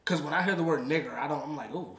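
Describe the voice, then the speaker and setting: A man co-hosting a relaxed reaction show, working through his thoughts aloud in an easygoing way. His voice sits a little high. The room has a noticeable echo. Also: very fast, a crowd in the background. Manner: easygoing, thinks aloud with restarts. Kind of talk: casual reaction chat. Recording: roomy echo.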